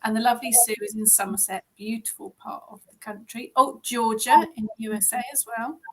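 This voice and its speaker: Bubbly woman with a bright pitch. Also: steady tone, a little fast, slight background noise. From England. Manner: chatty and bubbly, laughs often. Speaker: coven leader hosting an online ritual. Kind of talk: casual chat greeting participants. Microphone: video call.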